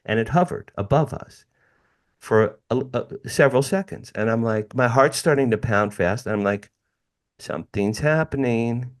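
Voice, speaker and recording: A man's voice: medium pitch, normal speed. A middle-aged man from the United States, a podcast guest telling a personal story with emphatic repetition and direct asides to the hosts. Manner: emphatic, repeats phrases, addresses listeners as "you guys".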